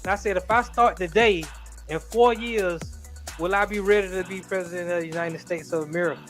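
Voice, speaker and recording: A man co-hosting a casual talk show, chatting in a relaxed, easygoing way. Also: high-pitched, fairly quick, soft background music. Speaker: co-host.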